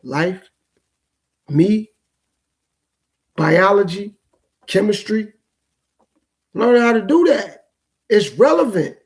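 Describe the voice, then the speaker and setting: Slow and husky, pausing often, a man with a high, animated voice muses on his own podcast in a casual solo monologue. He talks things through in a loose, repetitive, reflective street-talk manner.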